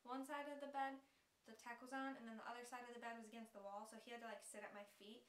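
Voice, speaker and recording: A woman's voice: on the high side, little pitch movement, rapid-fire. A young woman vlogger chatting to her phone camera from a moving car, rambling and giggling often. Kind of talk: casual chat to camera. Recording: car road noise behind.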